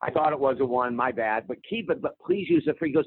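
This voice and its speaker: Animated man telling a story on a phone line. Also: mid-range voice, quick pace, husky, no echo. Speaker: guest author. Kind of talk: storytelling in an interview. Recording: tinny phone line, dry.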